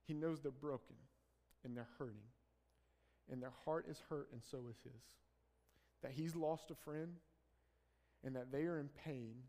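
A man's voice: fairly high pitch, darkish tone, in a large hall. A man preaching a sermon as pastor, earnest, building emphasis on key phrases.

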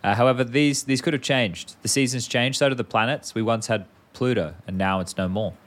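A man's voice: medium pitch, fairly quick. A man co-hosting a podcast, chatting casually and rambling with offhand swearing. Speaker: podcast co-host. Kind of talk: casual chat.

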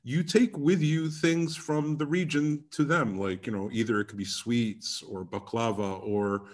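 A man's voice: medium pitch, steady tone, measured pace. A man co-hosting a casual chat who teases his partner and tells stories in a playful way. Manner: playful, teasing, slips into mock voices.

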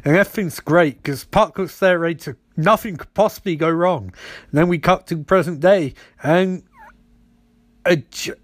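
A man with a fairly high voice sarcastically recaps a TV episode, breaking into goofy character voices now and then. The sound is close and dry, with no room around it. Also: normal speed, no room sound.

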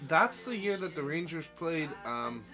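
A man's voice: a little high, animated, measured pace. A young man co-hosting a podcast in loose, profane, rambling chat, hungover. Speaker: podcast co-host. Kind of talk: casual chat. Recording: music playing behind.

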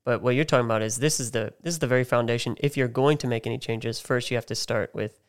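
A man's voice: medium pitch, quick pace, clear, resonant tone. A man hosting a podcast interview, affirming and summarizing his guest's points. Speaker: podcast host. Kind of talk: casual interview chat.

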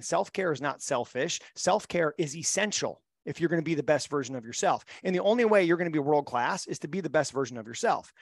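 A man's voice: a little high, no echo, clean studio sound. A middle-aged man and mental performance coach, telling stories in a podcast interview with a blunt, emphatic, motivational manner.

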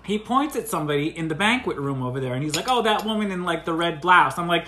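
Guy hosting a comedy pod, bright voice, super animated, acts out all the quotes. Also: fast, few pauses. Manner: animated, acts out quoted lines with big pitch jumps. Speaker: podcast co-host. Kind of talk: comedic storytelling.

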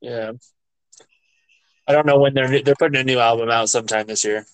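A man's voice: medium pitch, steady tone, brisk, clean tone, poor audio. A man co-hosting a podcast, chatting casually and eagerly about songs, saying "yeah" and "like" a lot. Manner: enthusiastic, loose, says "yeah" and "like" a lot. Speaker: podcast co-host. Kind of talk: casual music chat.

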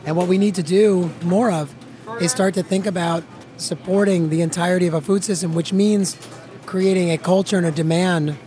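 A man's voice: sits high, fairly even intonation, moderate pace, dark tone. A man, a chef, explaining his ideas earnestly in an interview in a busy restaurant kitchen. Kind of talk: interview answers.

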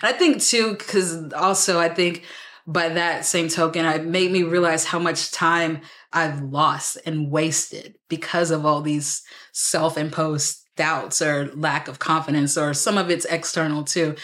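A woman's voice: sits low, unhurried. Chatty Texan woman guest. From Houston, Texas. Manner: chatty, animated storyteller with many fillers. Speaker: podcast guest, actor. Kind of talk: casual conversation.

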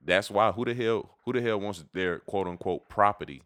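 A man's voice: fairly low pitch, normal speed, fairly bright tone, no room sound, clean studio sound. A man in casual conversation, telling stories in a laid-back, slangy way. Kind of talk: casual chat.

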